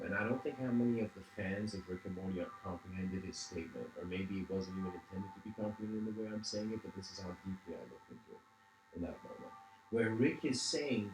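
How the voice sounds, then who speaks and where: A man delivers a reflective livestreamed lecture in a fairly low voice. He wanders, restarts his sentences and leans on "you know." The room is echoey, with faint music underneath. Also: lively intonation, brisk. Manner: meandering, many restarts, frequent "you know".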